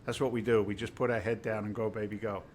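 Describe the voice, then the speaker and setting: A man's voice: on the low side, flat delivery, fast talker, a little mellow. Emphatic middle-aged man telling his story. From United Kingdom. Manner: emphatic, emotional, preacherly storyteller. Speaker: guest, real estate investor. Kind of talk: podcast interview storytelling.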